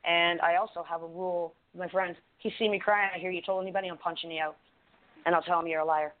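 A woman's voice: fairly low pitch, steady tone, fast talker. A woman co-hosting a podcast, talking in a blunt, profane, rambling way. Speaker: podcast co-host. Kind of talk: casual podcast chat. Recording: tinny phone-line call-in audio.

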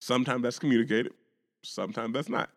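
A fast-talking podcast co-host with a mid-range voice, vocal fry, and a big-room sound argues his point in casual, profane chat. He stammers and restarts his sentences often.

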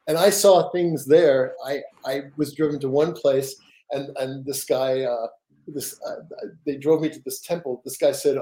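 A man's voice: mid-range voice, fairly even intonation, a little slow, dark tone. An older man, a guest author, telling stories in a rambling, casual way with repeated words and laughs. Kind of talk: casual storytelling.

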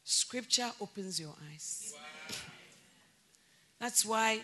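Forceful, animated woman preacher. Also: mid-range voice, very slow, slight background noise. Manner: animated, bursts into loud emphasis and laughter, acts out conversations. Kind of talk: sermon.

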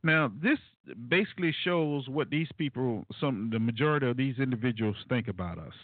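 A man hosting a call-in radio talk show, commenting alone in a casual, animated way with many fillers and asides to his listeners. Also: medium pitch, brisk, dry recording. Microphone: phone line. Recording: tinny phone-line radio, dry.

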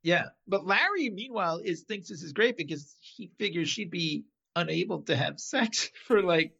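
Man, casual podcast chat, husky voice, very lively pitch, animated storyteller. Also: normal speed, dull audio. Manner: animated storyteller, acts out quotes with pitch jumps.

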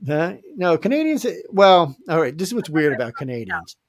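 A man's voice: fairly high pitch, sing-song, normal speed, no echo. A man hosting a casual radio show, joking and rambling with filler restarts. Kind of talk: casual live radio chat.

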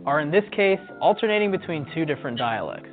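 A man's voice: on the high side, very animated, fast talker. A man narrating a scripted documentary segment in a wry, playful way. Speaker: video narrator. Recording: tinny lo-fi clip with faint music.

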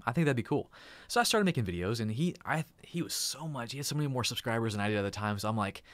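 A man hosting his own live stream, chatting casually and excitedly, often laughing. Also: mid-range voice, fast, no room sound. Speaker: YouTube live streamer and host.

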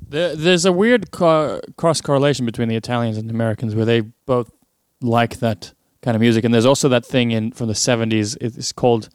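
A man's voice: medium pitch, fairly quick, few pauses, smooth, dry recording, clean studio sound. A man co-hosting a podcast in casual, chatty talk, swearing now and then. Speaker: podcast co-host. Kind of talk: casual chat.

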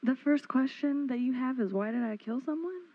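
A woman performing an improvised comedy scene, talking in a halting, playful way. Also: high voice. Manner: halting, playful, bursts of laughter. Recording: dull lo-fi sound.

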